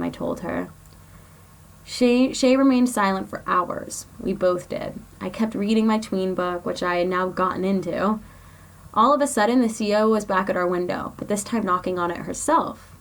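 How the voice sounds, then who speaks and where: A woman's voice: on the low side, normal speed. A woman blogger reading her own personal story aloud in an earnest, confessional way.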